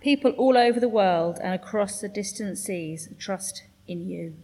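A woman's voice: mid-range voice, darkish tone. Woman reading scripture in a reverberant church. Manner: measured, formal reading. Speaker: scripture reader.

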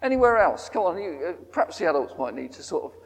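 A man with a high voice talks casually to a congregation at a harvest service. He keeps asking them questions. His voice carries with the long reverb of a large church hall. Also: very animated, quick pace, gravelly. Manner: chatty, asks the congregation questions. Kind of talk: interactive talk to a congregation.

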